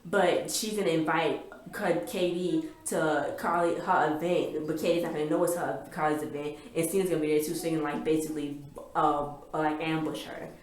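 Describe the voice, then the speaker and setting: Woman, lowish voice, chatty rambling recap, excitable, lots of fillers, echoey room. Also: moderate pace. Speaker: TV recap vlogger. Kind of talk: casual episode recap.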